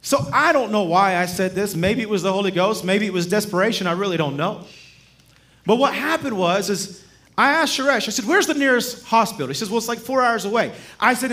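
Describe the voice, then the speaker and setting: A man as guest preacher, telling stories in a sermon in a lively, humorous way and chuckling as he speaks. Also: sits high, a little fast. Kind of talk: sermon with storytelling.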